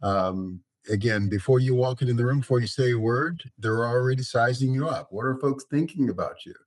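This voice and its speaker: A middle-aged man and college president, a podcast guest telling stories about his career in a measured way with frequent fillers. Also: medium pitch, no echo. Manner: measured, storytelling, frequent "you know". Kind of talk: podcast interview.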